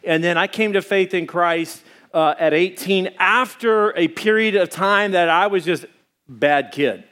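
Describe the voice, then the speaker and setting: A middle-aged man preaching a sermon, telling a personal story in an animated, conversational way with frequent restarts. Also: high-pitched, a little slow. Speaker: pastor.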